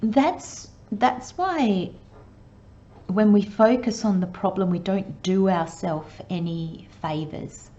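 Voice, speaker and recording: A woman giving a channelled tarot reading, talking slowly and gently and sometimes dropping to a soft murmur. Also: mid-range voice, lo-fi sound. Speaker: tarot reader.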